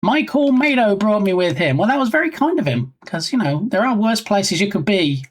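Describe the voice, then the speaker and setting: A man's voice: sits high, very animated, moderate pace. A British man chatting casually on a live stream, reading chat messages aloud and reacting.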